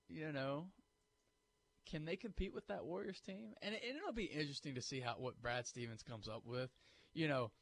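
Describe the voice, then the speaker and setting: A medium-pitched man co-hosts a sports talk radio show, and a little hiss or hum sits under the recording. He's animated and argumentative, acting out the objections he expects from listeners.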